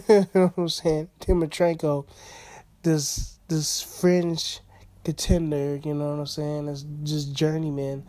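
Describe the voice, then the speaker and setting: A man's voice: on the high side, little pitch movement, unhurried, mellow. A man casually recapping a boxing fight in rambling, slangy talk full of fillers and chuckles.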